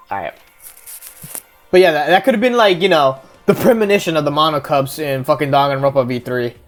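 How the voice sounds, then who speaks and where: Woman streamer, lower voice, rambling and profane running commentary, faint game music behind. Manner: rambling, swearing, thinking aloud. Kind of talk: casual let's-play commentary.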